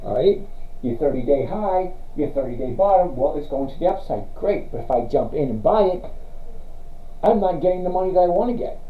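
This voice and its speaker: A middle-aged man hosts a relaxed stock-review livestream, chatting with viewers, reading their comments aloud, and apologetically turning down requests. His voice is fairly high and lively in intonation, moving a little fast. The stream audio is roomy, dull, and lo-fi.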